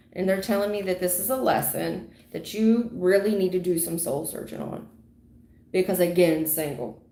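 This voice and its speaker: A woman giving a livestream tarot reading in a dramatic, repetitive way, acting out sudden endings with loud exclamations. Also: fairly low pitch, creaky. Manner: dramatic, repetitive, full of sound effects. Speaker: tarot reader. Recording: echoey room.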